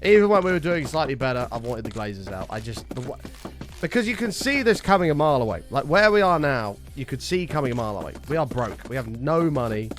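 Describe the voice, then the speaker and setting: A British man on a live stream, talking casually to his chat with heated, swearing rants. His pitch swings widely as he talks, and faint music plays underneath. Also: big pitch swings, fast talker. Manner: heated ranting, frequent swearing, chatty asides to viewers.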